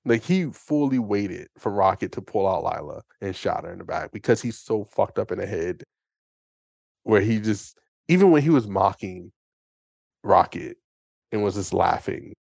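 A man co-hosting a podcast, chatting casually and excitedly about a movie, rambling and acting out lines. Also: lowish voice, normal speed, gravelly, long pauses, no room sound, studio quality. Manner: excitable, rambling, acts out quotes. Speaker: podcast co-host. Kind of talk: casual movie review chat.

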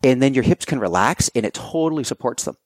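Fast and lively in intonation, this male podcast guest's mid-range voice carries no room sound. He keeps things loose and conversational with many fillers, animatedly recounting stories and acting out his own quoted thoughts.

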